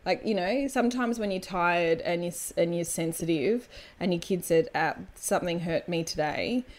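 A woman's voice: on the low side, moderate pace. Woman in her thirties, dry and blunt. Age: 30s. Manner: dry, blunt, swears freely. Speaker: podcast co-host. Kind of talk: casual comedic chat.

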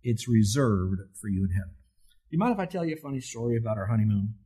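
Older man, pastor, husky voice, emphatic sermon, rhetorical questions, tells listeners to mark their texts. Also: fairly low pitch, big pitch swings, fast talker, warm tone. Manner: tells listeners to circle and underline words.

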